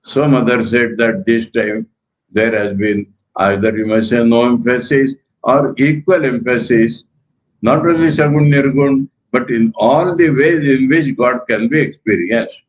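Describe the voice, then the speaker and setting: Older indian monk giving a talk, stresses words by repeating them, bit of a dull lo-fi sound. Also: male voice, medium pitch. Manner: measured and emphatic, repeating key words. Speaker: monk lecturer. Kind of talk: spiritual lecture.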